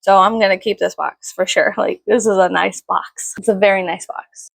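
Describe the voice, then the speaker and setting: A woman's voice: mid-range voice, fairly even intonation, normal speed, vocal fry, no echo. A woman vlogger chatting casually through an unboxing, giggly, rambling and poking fun at herself. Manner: giggly, rambling and self-mocking. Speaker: vlogger reviewing a perfume package.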